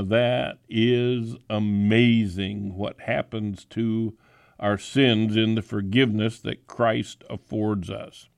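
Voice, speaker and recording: A man preaching a sermon, reading scripture slowly and emphatically, with some fillers and restarts. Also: medium pitch, dry recording, clean studio sound. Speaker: preacher and Bible teacher.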